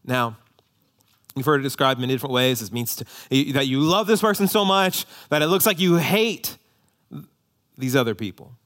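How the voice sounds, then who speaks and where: A man preaching a sermon to a congregation, animated, with rising emphasis and joking asides. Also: medium pitch, normal speed. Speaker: pastor. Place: church hall before a congregation.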